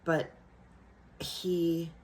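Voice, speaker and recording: A woman who teaches young children tells a personal story in a gentle, reflective way. Her voice sits low and her pace is slow and unhurried. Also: monotone, a little hiss or hum, poor audio. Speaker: elementary school teacher.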